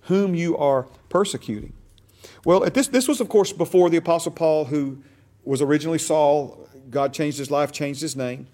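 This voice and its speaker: A man's voice: on the high side, brisk, mellow. A man teaching a Bible class in a conversational way, repeating phrases for emphasis and checking that his listeners follow him.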